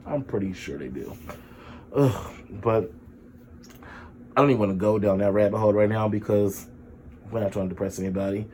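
A man telling a story casually to his viewers, sick with a sore throat and low energy, chatty and expressive, with sudden high exclamations and sassy asides. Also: normal speed, pauses often, slight background noise. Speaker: vlogger.

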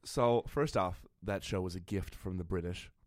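A man's voice: deep voice, normal speed, no room sound, studio quality. A young man co-hosting a casual comedy chat, playful and theatrical, laughing often. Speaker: podcast co-host.

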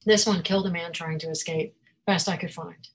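A woman voicing an old, loyal soldier who reports in a gruff, resigned way, reading her fantasy novel aloud. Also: lowish voice, fairly even intonation, fairly quick, slight background noise, close to an everyday voice.

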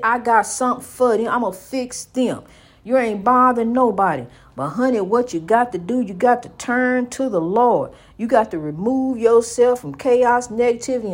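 A woman preaching with fervor, repeating her points and calling the listener "honey". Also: on the high side. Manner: fervent, repetitive, calls listener "honey". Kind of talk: preaching, inspirational monologue.

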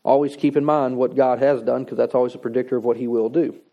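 A man's voice: mid-range voice, level tone, quick pace, dull audio. A man preaching a sermon in a conversational, folksy way, reading scripture and adding plain-spoken asides. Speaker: pastor.

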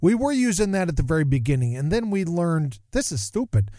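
A man hosting his podcast in a casual monologue, rambling and animated, often interrupting himself. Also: on the high side, fairly quick, dry recording, clean studio sound. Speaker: podcast host.

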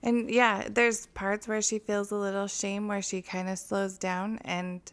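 A woman co-host on a true-crime podcast with a middle-pitched voice. She is eager and chatty, often jumping in with agreement and side comments. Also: level tone, a little slow, clear, resonant tone. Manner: eager, chiming in with agreement and asides.

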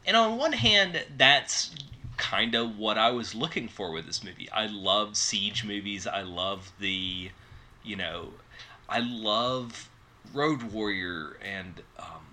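A man's voice: on the low side, animated, slow pace, sharp tone, a little hiss or hum. A man co-hosting a podcast, chatting casually about horror films with lots of fillers. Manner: rambling, filler-heavy. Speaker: podcast co-host. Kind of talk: casual chat.

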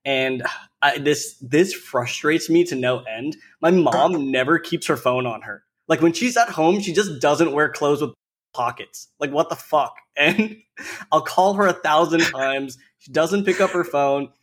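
A man's voice: a little high, a little slow, fairly bright tone, a little hiss or hum. Man rambling through a casual chat. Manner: loose, filler-heavy storytelling with frequent "like"; candid and profane when exasperated.

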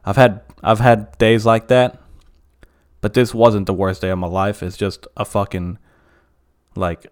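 A man's voice: fairly low pitch, flat delivery, measured pace, long pauses, a little mellow, smooth. A man hosting a casual solo podcast, rambling and swearing freely with lots of fillers. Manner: profane, rambling, frequent fillers. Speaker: podcast host.

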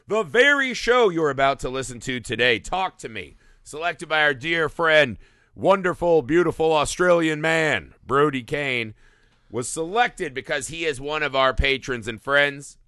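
Lively, bright-voiced male podcast host. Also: fairly high pitch, unhurried, clean tone, no echo, clean studio sound. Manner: lively, swearing, laughing often. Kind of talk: casual podcast chat.

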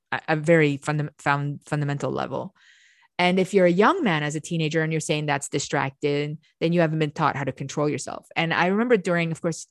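A woman's voice: deep voice, dry recording, studio quality. A woman hosting a chatty lecture, ranting at times and often restarting her words. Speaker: host. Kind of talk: casual lecture.

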